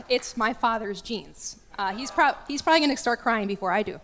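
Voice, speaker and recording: A woman giving a candid, lively lecture as a guest speaker, joking with her audience. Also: fairly high pitch, a little fast, few pauses, a little hiss or hum. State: getting choked up. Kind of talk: lecture talk. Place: large church. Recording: echoey church hall.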